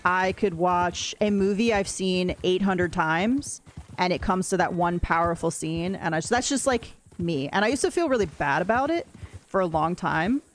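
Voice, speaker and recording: A young adult woman streaming a game, talking in a rambling, candid, soft-spoken way. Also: on the low side, expressive, normal speed, slight background noise. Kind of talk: casual livestream chat while gaming.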